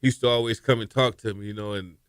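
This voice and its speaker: A man's voice: lowish voice, steady tone, quick pace, smooth, dry recording, studio quality. A man in his fifties, a former college quarterback, telling game stories in a casual interview and laughing as he goes.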